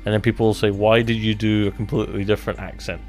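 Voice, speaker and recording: A man's voice: lowish voice, flat delivery, quick pace, a little mellow, soft background music. A man co-hosting a casual podcast chat about a TV series, rambling and self-deprecating, often restarting his sentences. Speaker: podcast co-host.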